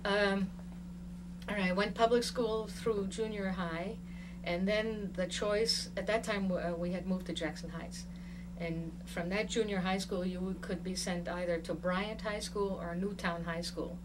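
Woman, 60s, from Tanganyika, oral history interviewee; lively storyteller, quick to laugh; mid-pitched voice, heard from a distance over faint noise. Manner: animated storyteller, laughs often while talking. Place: museum interview room.

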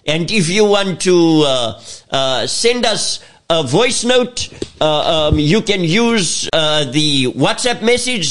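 A man's voice: on the high side, fairly bright tone. A man hosting a community radio interview, hesitant with many repeated words and frequent affirmations. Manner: halting, repeats words and fillers, affirms often. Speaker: radio talk show host.

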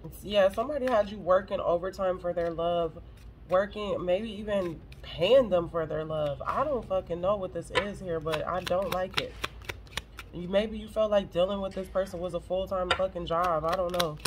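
A woman gives a casual tarot reading to camera against a noisy background, speaking at a moderate pace in a voice on the low side. She is blunt and emotional, swears freely and is on the verge of tears.

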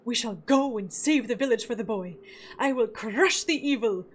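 A woman voicing a big, earnest male warrior who makes booming, heroic declarations. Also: normal speed, breathy edge. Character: hulking earnest male warrior, boastful and sweet.

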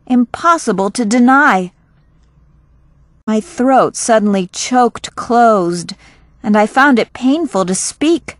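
A woman reading a first-person novel aloud calmly and deliberately for listening practice. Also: fairly high pitch, no room sound, clean studio sound. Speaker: audiobook reader.

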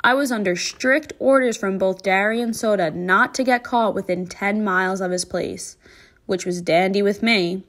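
A middle school English teacher reads a novel aloud to her class, giving it expressive storybook delivery. Her voice is medium in pitch and her pace moderate.

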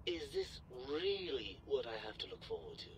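A man's voice: mid-range voice, very animated, normal speed, a little hiss or hum, lightly acted, poor audio. A man voicing a pompous, sarcastic disembodied brain in a jar that talks down to its owner in a video game. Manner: sarcastic, fussy and condescending.

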